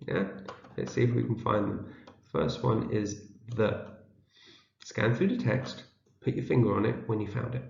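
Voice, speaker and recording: A man teaching young children to read, sounding out each word slowly and repeating it so they can follow along. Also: on the low side, steady tone, creaky, a little mellow. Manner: reads word by word, repeating each word for learners to echo. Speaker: teacher leading a shared reading. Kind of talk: slow, patient read-aloud lesson for young children. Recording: dull, roomy home video.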